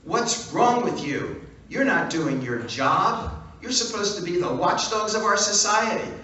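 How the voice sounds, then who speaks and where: A man voicing an outraged male taxpayer caller, shouting indignantly and drawing out his words. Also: high-pitched, lively intonation, unhurried, slight background noise, voice pushed up, heavily acted. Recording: echoey hall from far off.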